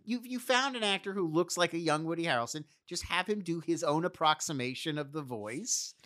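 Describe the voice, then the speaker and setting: A man co-hosting a casual chat about movies, animated and wry with sarcastic asides. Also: a little high, fairly quick. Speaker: podcast co-host.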